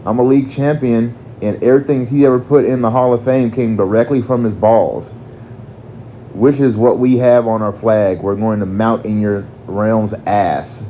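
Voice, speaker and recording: A man's voice: medium pitch, steady tone, moderate pace, dark tone, a little hiss or hum, close to an everyday voice. A man voicing a crude young woman who plays a Flareon, talking trash with swearing. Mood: brash. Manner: crude, brash trash talk. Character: foul-mouthed young woman posing as a Flareon.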